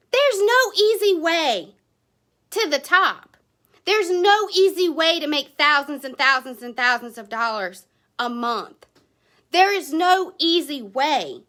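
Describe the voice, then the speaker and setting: A woman's voice: high voice, pushed and bright. A woman, giving a blunt, passionate motivational talk to her sales team. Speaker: direct sales team leader.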